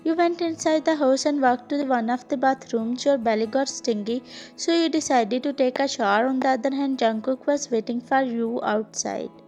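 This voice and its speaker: Woman, story narrator, high pitch, steady reading, faint background music. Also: a little fast. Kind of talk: fan fiction story reading.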